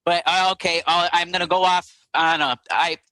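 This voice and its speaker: Man, guest, rambling halting storyteller, very bright voice, dry sound. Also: fairly high pitch, fairly even intonation, dry recording, low-quality recording. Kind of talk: casual phone-in interview.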